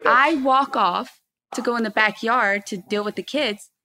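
A woman's voice: a little high, measured pace, a little hiss or hum. A woman in her thirties telling a heated personal story in casual chat, swearing and acting out quotes. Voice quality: animated, swearing, acts out quotes loudly. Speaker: guest.

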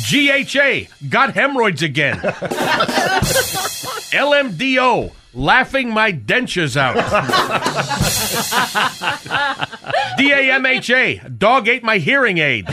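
A man's voice: very high-pitched, exaggerated voice. A man playing a corny older male stand-up comic on a radio comedy bit, who rattles off jokes and laughs at his own punchlines. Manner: rapid joke-telling, laughs at own punchlines.

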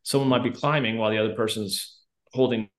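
Man from Colorado, podcast host, deep voice, relaxed halting chat. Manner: relaxed, halting, many fillers. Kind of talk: casual interview chat.

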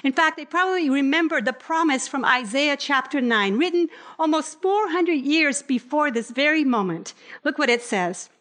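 A woman preaching a Christmas-season sermon in a high, light voice. She talks expressively, shifting her pace and slowing down when she reads scripture. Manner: expressive, varies pace, slows for scripture readings.

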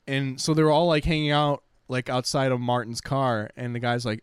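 This co-host is a young Detroit-area man whose mid-range voice is clear and resonant, with a level tone and moderate pace. Recorded cleanly in a studio without room sound, he rambles through profane, filler-heavy stories on a casual podcast.

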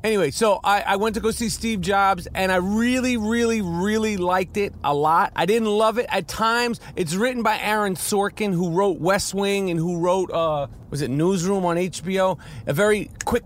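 A man's voice: high-pitched, slight background noise. A middle-aged man talking casually about a film while walking on a city street, rambling and profane, with many restarts and fiery outbursts. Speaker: podcast host and actor reviewing a film.

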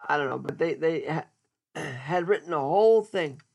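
A man's voice: a little high, lively intonation, normal speed, creaky, a little mellow. A man hosting a podcast, chatting casually and joking as he thinks aloud, often restarting his words. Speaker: podcast host. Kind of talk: casual solo podcast chat.

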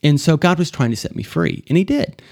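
A man's voice: on the high side, expressive, a little fast, gravelly, a little mellow, dry recording, studio quality. A man hosting a podcast, telling a personal faith story in a loose, rambling way with many fillers. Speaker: podcast host. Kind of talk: casual spoken testimony.

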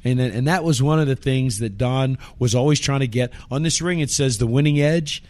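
A man's voice: mid-range voice, moderate pace, a little mellow. Man reminiscing conversationally. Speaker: guest. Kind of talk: reminiscing in a panel interview.

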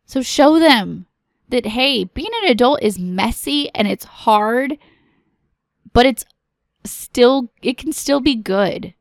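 Podcast host, woman in her thirties, unhurried encouraging pep talk, dry close mic. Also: a little high, expressive, gravelly, no room sound. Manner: earnest, pep-talk, direct address to listeners.

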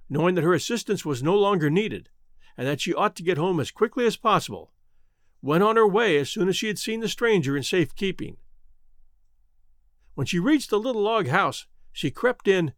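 A man reads a storybook aloud with a highly lively, rising and falling voice. His pitch sits high for a man. The sound is close and dry, with no room around it. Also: no echo. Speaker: audiobook narrator. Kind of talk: storybook narration.

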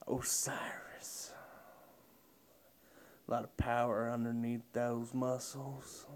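A man putting on a slow, low, breathy murmur as a film star in a truck commercial. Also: a little mellow, slight background noise. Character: male film star doing truck ad, hushed drawl.

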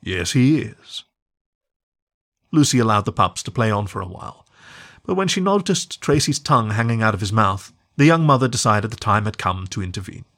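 A man reading a storybook aloud as the storyteller, in an expressive, measured way. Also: on the low side. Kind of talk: scripted narration.

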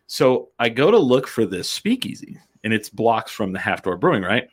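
A man's voice: mid-range voice, very animated, normal speed. A man from New Mexico hosting a casual chat, telling a rambling, profane story and laughing often. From New Mexico, USA.

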